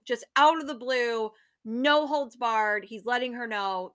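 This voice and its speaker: A woman's voice: a little high, steady tone, unhurried, a bit bright, smooth. A woman in casual conversation, recapping a book's plot and acting out the characters' lines with casual swearing. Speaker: book discussion co-host. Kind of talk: casual book chat.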